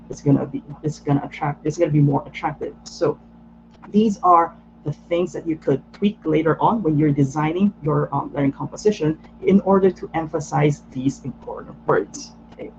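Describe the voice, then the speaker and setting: A man's voice: a little high, moderate pace, gravelly, a little mellow, dull audio, slight background noise. A man teaching an online lettering workshop, explaining patiently with frequent "so" and "um" fillers. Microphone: video call.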